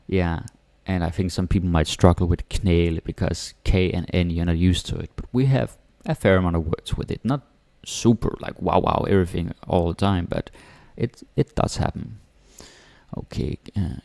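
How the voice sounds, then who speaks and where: Slow, deep Danish-accented man teaching. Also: creaky, dark tone, no room sound. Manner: slow, repeating words for the learner. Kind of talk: pronunciation lesson.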